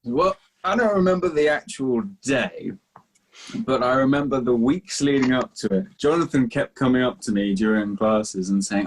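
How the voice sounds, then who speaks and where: A man, a podcast guest, telling an anecdote in an animated way. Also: medium pitch, moderate pace. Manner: animated storyteller, acts out dialogue. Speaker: guest oil painter.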